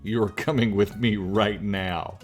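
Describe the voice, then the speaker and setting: A man's voice: lowish voice, fairly even intonation, slow pace, soft background music. A man voicing a fussy, doting mother cat who scolds her grown son. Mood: scolding.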